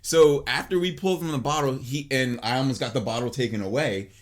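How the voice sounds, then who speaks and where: A man in his late twenties hosting a podcast, telling a long story in a casual, animated way, full of swearing and "like". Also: medium pitch, a little fast. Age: late 20s. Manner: animated and profane, filled with "like" and restarts. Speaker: podcast host.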